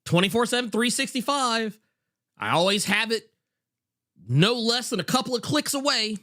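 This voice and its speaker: Bright-voiced man, stammering co-host. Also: extremely high pitch, animated, normal speed. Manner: stammering restarts, emphatic agreement. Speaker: podcast co-host. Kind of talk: casual chat. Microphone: video call.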